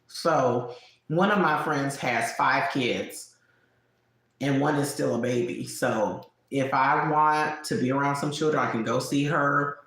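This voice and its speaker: In a very echoey room, a woman in her late thirties chats casually and candidly with her live-stream viewers at home, often laughing and snacking between words. Her voice is very deep, with a fairly bright tone.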